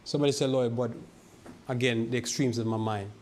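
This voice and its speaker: A male pastor giving a sermon, reading scripture slowly and asking the congregation rhetorical questions, often repeating and restarting words. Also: medium pitch, fairly even intonation, a little mellow, slight background noise. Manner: preaches with rhetorical questions and slow scripture quoting.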